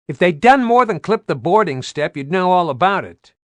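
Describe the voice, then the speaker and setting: A man's voice: high-pitched, sing-song, moderate pace, no room sound, voice pushed up. A man voicing a testy, cocky male helicopter pilot who snaps and swears. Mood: wry. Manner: raised, snappy, swearing.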